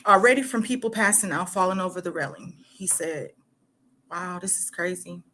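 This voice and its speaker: A woman from Michigan hosting her own channel, reading a news article aloud in a halting way and breaking off into casual asides full of "like" and "you know.". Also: fairly low pitch, fairly even intonation, bright, forceful tone, slight background noise. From Michigan, United States. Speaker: host.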